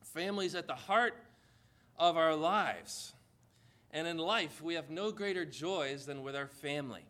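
A man preaching a sermon, retelling a scripture story with slow, emphatic pauses and rhetorical questions. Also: fairly high pitch, fairly bright tone.

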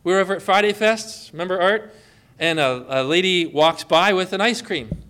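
A man with a notably high voice preaches in an easygoing, conversational way. He leans on stories and rhetorical questions to draw the listener in. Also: normal speed, a bit bright, clear, resonant tone. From Connecticut. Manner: storytelling, full of rhetorical questions. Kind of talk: conversational sermon on evangelism.

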